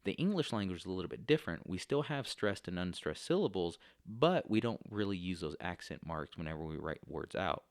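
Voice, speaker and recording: A man with a very low voice teaches a class in a recorded lecture. He explains things step by step and often pauses on "uh" and "um". The sound is dry and close, with no room echo. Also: animated. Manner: explanatory, with frequent fillers.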